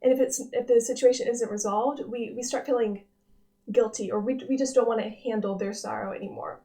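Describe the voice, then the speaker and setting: A young woman hosting a personal devotional vlog, speaking in an earnest, gentle, reflective way with frequent restarts. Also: on the high side, fairly even intonation, brisk. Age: young adult. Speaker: devotional vlog host, nursing student.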